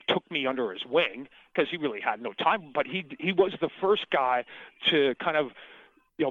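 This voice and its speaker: A man's voice: mid-range voice, no room sound. Middle-aged singer guy rambling through stories, swears a lot, trips over his words, sounds thin like a phone line, dead dry. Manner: rambling, profane, restarts often. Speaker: singer, interview guest. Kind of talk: casual storytelling interview.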